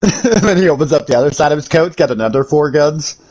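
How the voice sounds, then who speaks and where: A man's voice: on the high side, lively intonation, quick pace, a little mellow, slightly rough. An American man chatting casually with viewers while streaming a game, joking and swearing. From United States. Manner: profane joking banter with chat. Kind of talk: casual livestream chat.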